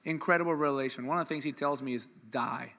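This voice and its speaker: Guy preaching, real bright forceful voice, jokey and animated, gets loud outta nowhere. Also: on the high side, very fast, a little hiss or hum. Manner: animated, joking preacher with sudden loud bursts. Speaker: pastor. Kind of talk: sermon.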